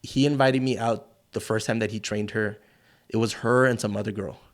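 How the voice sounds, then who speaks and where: A man's voice: on the low side, fairly quick. A middle-aged man from South Texas, a wrestler guesting on an interview show, telling stories in casual, profane talk and acting out the voices of the people in them. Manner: profane, animated, acts out quoted voices.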